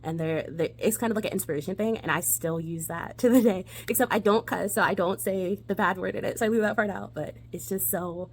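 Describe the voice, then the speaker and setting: A cheerful young woman talks straight to camera about a favorite film from her childhood. She is bubbly and enthusiastic and laughs easily. Her voice sits at a middling pitch. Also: fairly quick, few pauses, slight background noise. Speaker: movie review host. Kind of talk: casual movie review vlog.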